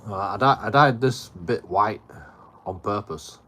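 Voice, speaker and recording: A man's voice: lowish voice, unhurried, sharp tone, a little hiss or hum. Yorkshire man swearing through a rambling story. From Bradford, England. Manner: rambling, heavy swearing, repeats words. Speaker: live streamer. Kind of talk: casual storytelling to a live chat.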